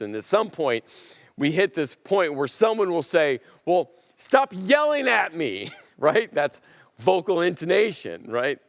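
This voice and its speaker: A man pastor preaching a sermon in a conversational, animated way, acting out quotes. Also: medium pitch, dry recording.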